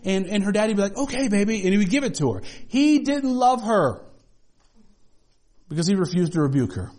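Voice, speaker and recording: A man with a notably high voice preaches to his congregation in church. He talks in a loose, conversational way and drops in humorous asides. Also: very animated, fairly quick, a little mellow. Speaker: pastor. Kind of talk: sermon.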